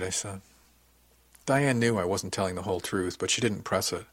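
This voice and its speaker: Husky low-voiced male narrator. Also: lively intonation, moderate pace. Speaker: audiobook narrator. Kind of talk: first-person novel narration.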